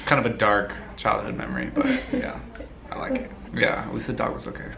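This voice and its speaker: A young man from the United States answering viewer questions in a relaxed, rambling way, laughing easily. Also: medium pitch, brisk, creaky. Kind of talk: casual Q&A chat.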